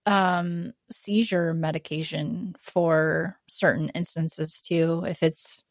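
Relaxed, slow-paced woman podcast co-host, dry recording, amused storyteller. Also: sits low, dry recording. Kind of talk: casual chat.

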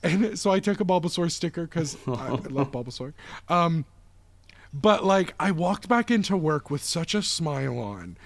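A man in his thirties hosting a casual podcast chat, talking at length and telling stories in an animated, chatty way. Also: on the high side, normal speed, dry recording. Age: 30s. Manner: chatty, animated storyteller who acts out voices. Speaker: podcast host.

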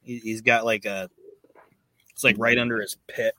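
A man's voice: on the low side, little pitch movement, moderate pace, pushed and bright, no room sound. A man hosting a podcast, recapping in casual, profane talk with many fillers. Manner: profane, filler-heavy retelling. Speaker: podcast host.

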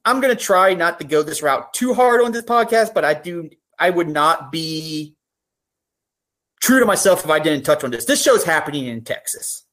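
A woman's voice: low-pitched, animated, normal speed, a bit bright. A woman talking as a podcast guest, earnest and open, turning emotional on serious points. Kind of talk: casual podcast chat.

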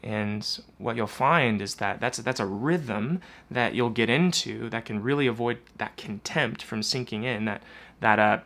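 Gravelly-voiced man giving relationship advice. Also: mid-range voice, a little slow, fairly bright tone. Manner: acts out both sides of imagined arguments. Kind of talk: casual advice monologue with acted examples.

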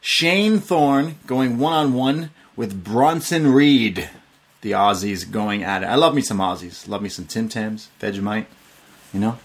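A man co-hosting a wrestling podcast, excitably recapping matches play by play in casual slang. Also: fairly low pitch, a little slow. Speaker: podcast co-host.

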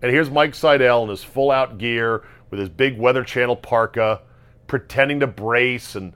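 A man's voice: medium pitch, moderate pace, clean tone. Sarcastic man ranting about football. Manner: sarcastic, ranting, swings between loud and muttering. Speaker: sports podcast host. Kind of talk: casual solo sports commentary.

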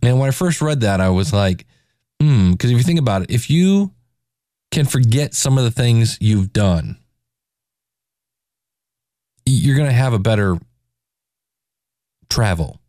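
A man's voice: lowish voice, expressive, a little slow, long pauses, mellow, no room sound, studio quality. A man in his forties hosting a casual solo podcast, talking in a self-deprecating, joking way. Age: 40s. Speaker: podcast host.

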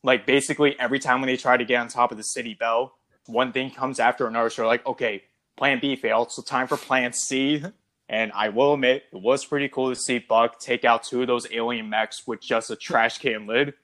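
A man's voice: medium pitch, fairly even intonation, a little fast, fairly bright tone. A man co-hosting a casual podcast about a film, talking it through and acting out character lines in a raised voice. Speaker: podcast co-host. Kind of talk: casual movie discussion.

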